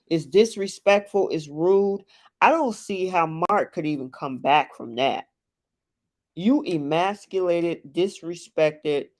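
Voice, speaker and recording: A live stream host giving a casual, opinionated recap of a reality dating show, acting out what people said and reacting to the chat. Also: mid-range voice. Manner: animated and opinionated, acts out what cast members said; reacts to viewers in the chat mid-talk.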